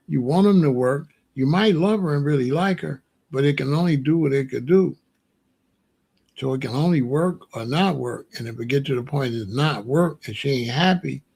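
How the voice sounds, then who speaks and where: Gravelly guy hosting his show, blunt and joking, a bit raspy. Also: mid-range voice, moderate pace, a little mellow. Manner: blunt, joking, laughs often. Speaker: show host. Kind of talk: casual commentary.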